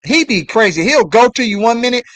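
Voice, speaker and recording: A man calling a basketball game live as a fan on a stream, swearing and yelling at the players between play-by-play. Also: extremely high pitch, fairly quick, no echo. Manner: excited, profane trash talk at players. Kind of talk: fan play-by-play watch-along.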